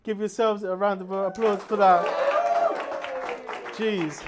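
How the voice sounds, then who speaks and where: A man doing a stand-up comedy routine on stage, loud and brash, laughing at his own jokes. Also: high-pitched, steady tone, takes it slowly, a crowd in the background, noisy background.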